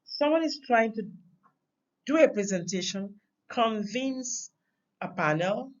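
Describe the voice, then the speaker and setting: A woman teaching a recorded lesson on communication, with an emphatic delivery that stresses words through sharp changes in pitch and loudness. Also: expressive, slow pace, lo-fi sound.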